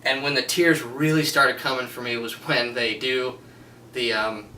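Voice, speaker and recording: A man's voice: medium pitch, flat delivery, moderate pace, bright, forceful tone, echoey room, recorded from a distance, a little hiss or hum, poor audio. A man giving a casual spoken film review, gushing and rambling with many restarts and fillers. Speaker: movie reviewer.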